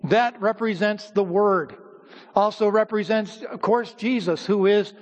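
A man preaching a sermon to his church as its pastor, teaching at a measured pace with pauses and repeated words. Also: sits high. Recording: hall reverb.

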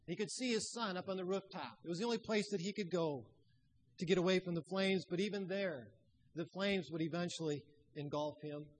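A man preaching a sermon, telling stories and dropping his voice low and soft for emphasis. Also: a little fast, rough recording. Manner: storytelling preacher who drops to hushed tones.

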